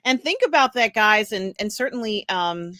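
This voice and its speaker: Bright-voiced woman, dry close sound. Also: medium pitch, expressive, normal speed, no echo. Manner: rambling, many ums, reads out viewer comments. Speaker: podcast host reading chat. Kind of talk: casual chat.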